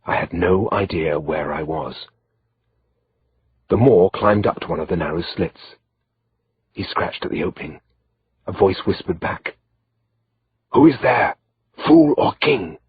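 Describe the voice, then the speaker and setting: Male audiobook narrator, low steady read, slightly dull recording, faint hiss. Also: a little slow, pauses often.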